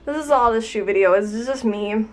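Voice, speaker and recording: A woman's voice: on the high side, brisk, faint music behind. A young woman, bubbly and gushing as she unboxes new shoes in a vlog. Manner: bubbly and gushing, lots of "oh my gosh". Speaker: YouTube vlogger.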